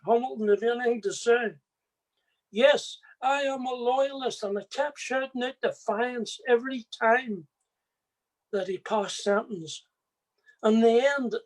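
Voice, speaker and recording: A man's voice: sits high, poor audio. A middle-aged man from Ireland, telling his own life story as an earnest testimony and speaking straight to his listeners. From Northern Ireland. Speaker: former prisoner giving testimony.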